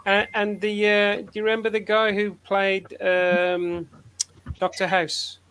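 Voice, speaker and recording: A man's voice: sits high, monotone, a little slow, fairly bright tone, clean tone. A man hosting a casual group chat on a call, rambling and hesitant with many fillers. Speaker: host.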